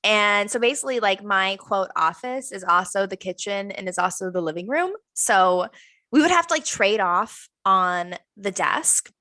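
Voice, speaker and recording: A young woman, co-hosting a casual podcast and telling an animated story, acting out the other people's lines. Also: mid-range voice, moderate pace, no room sound. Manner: animated storytelling, acts out quoted dialogue. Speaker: podcast co-host. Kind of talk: casual chat.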